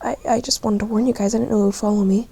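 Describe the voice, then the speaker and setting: A woman's voice: on the high side, fairly even intonation, racing, gravelly, dark tone, slightly rough. A woman voicing a young she-cat who talks hesitantly and stammers as she apologizes. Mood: unsure.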